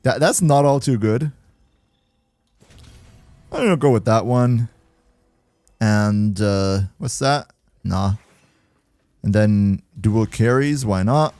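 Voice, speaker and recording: A man's voice: lowish voice, takes it slowly, pauses often, a little mellow, no room sound. A man chatting casually on a game livestream, playful, laughing often and restarting his sentences. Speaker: game streamer.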